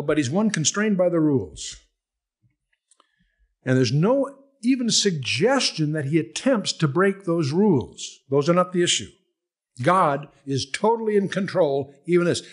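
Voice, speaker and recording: An older man teaching verse by verse through a Bible book, conversational and animated, acting out the scenes he reads. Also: fairly high pitch, breathy edge.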